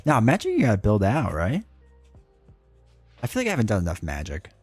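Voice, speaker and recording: A man's voice: on the low side, huge pitch swings, fairly quick, a little mellow, breathy edge, no room sound, soft background music. A man streaming live, chatting casually and answering his chat in a rambling way.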